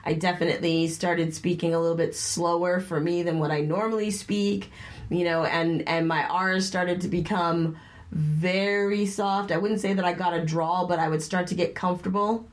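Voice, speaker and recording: Podcast co-host, woman, Boston accent, low-pitched, upbeat and chatty. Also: steady tone, normal speed. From Boston area, USA. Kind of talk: casual chat.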